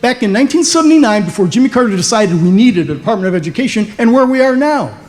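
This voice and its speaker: A man's voice: very high voice, animated, quick pace, a little mellow. A man answering on a town hall panel, pointed and full of rhetorical questions. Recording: echoey hall.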